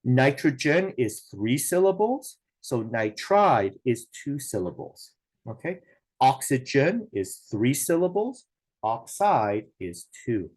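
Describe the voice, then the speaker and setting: A man's voice: mid-range voice, sing-song, slow, darkish tone, husky, dry recording. A man teaching a science lesson, explaining step by step in a patient way, with a lot of "okay" and "now". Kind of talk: recorded classroom lesson.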